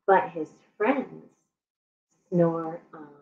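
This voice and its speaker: Lively high-voiced lady doing storytime for little kids, slow and playful, bit muffled audio. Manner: animated, playful, talks to young kids. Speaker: children's librarian. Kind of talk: reading a picture book aloud to children.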